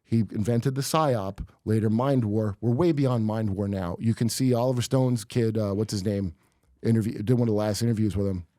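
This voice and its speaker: A man's voice: on the low side, moderate pace, dark tone, dry recording, studio quality. A man who is a comedian guest on a podcast, telling rambling, conspiratorial stories in casual chat.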